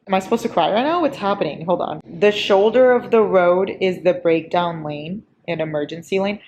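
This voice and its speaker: A woman in her twenties, a book vlogger, talking casually and excitably about what she reads, often breaking into giggles. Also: fairly low pitch, a little hiss or hum. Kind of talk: casual reading vlog.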